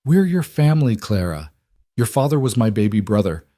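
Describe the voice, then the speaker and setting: A man's voice: on the low side, big pitch swings, moderate pace, dark tone, no room sound, clean studio sound. A man voicing a middle-aged aunt who speaks bitterly and with raw emotion, in a narrated western story.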